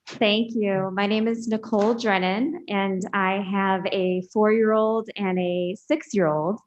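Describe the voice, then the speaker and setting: A woman's voice: mid-range voice, steady tone, slow pace. A woman in her thirties from Illinois, a mother making a firm, matter-of-fact public comment. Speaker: parent speaking at public comment. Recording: dull lo-fi meeting audio.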